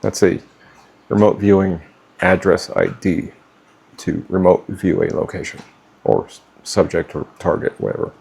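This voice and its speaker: A middle-aged man talks straight to his viewers with no script, blunt and full of swearing. His voice sits low and gravelly with a husky edge, and he pauses and restarts as he hunts for words. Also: sing-song, darkish tone. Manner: blunt, profane, stumbling over words. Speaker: vlogger giving life advice. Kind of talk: unscripted talk to camera.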